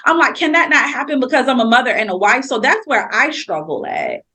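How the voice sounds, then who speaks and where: A woman's voice: sits high, very animated, a little fast, bright, forceful tone, a little hiss or hum. A woman hosting a faith podcast, talking in a candid, emphatic way and cutting in with exclamations. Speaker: podcast host. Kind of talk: casual faith podcast conversation.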